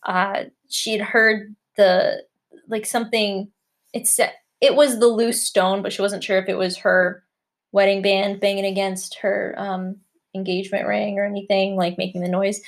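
A woman's voice: medium pitch, level tone, normal speed. A woman co-hosting a casual podcast, telling stories in a blunt, dry way. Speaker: podcast co-host. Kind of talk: casual chat.

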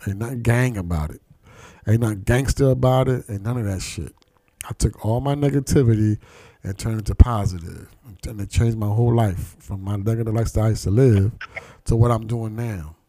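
A man's voice: lowish voice, a little fast, mellow, no echo. A man hosting a podcast who tells street stories in a casual, profane way and acts out the voices of the people he quotes. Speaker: podcast host. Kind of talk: casual conversation, storytelling.

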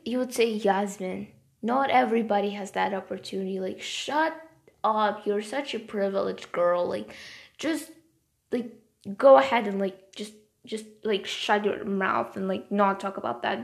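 Gravelly young woman rambling with passion. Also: mid-range voice. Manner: rambling, heavy use of "like" fillers; passionate, then softer and quieter. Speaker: vlogger. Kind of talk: casual talk to camera.

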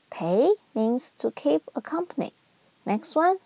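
A woman teaching a Mandarin lesson, with a voice pitched a little high. She speaks very slowly and patiently, drawing out each syllable and swinging her pitch wide to show the tones. The sound is dry and close. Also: lively intonation, a little mellow, no room sound. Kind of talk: scripted language lesson.

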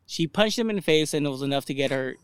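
A man's voice: on the high side, animated, quick pace, clean tone, dry recording. A young man co-hosting a casual chat, swearing and joking as he tells stories with acted-out quotes. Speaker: podcast co-host.

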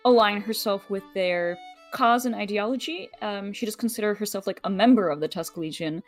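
A woman player talking through her character's world in a loose, casual way, with many pauses and fillers. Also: mid-range voice, faint music behind. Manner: thinks aloud with many fillers.

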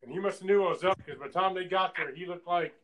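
Easygoing guy tossing in short replies, voice a bit high. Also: quick pace, fairly bright tone. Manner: laid-back, brief replies, laughs along. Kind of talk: casual chat.

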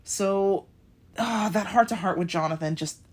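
A woman hosting a podcast, reviewing shows in a casual, animated chat and swearing freely. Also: medium pitch, measured pace, breathy edge. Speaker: podcast host.

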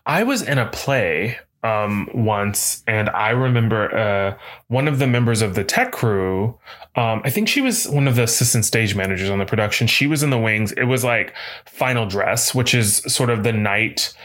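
Bright-voiced man telling a story. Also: medium pitch, moderate pace. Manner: rambling storyteller, many fillers like "like". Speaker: podcast co-host. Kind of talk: casual chat.

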